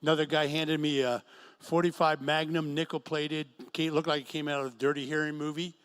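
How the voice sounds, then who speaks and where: Fairly high-voiced man preaching a sermon. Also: flat delivery, fairly quick, clean tone. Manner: storytelling with acted quotes. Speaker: pastor. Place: church event room.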